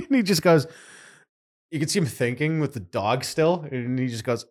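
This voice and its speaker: A man's voice: mid-range voice, normal speed. A man hosting a podcast in casual chat, telling a story with lots of laughter. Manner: animated storytelling, laughing often. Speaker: podcast host.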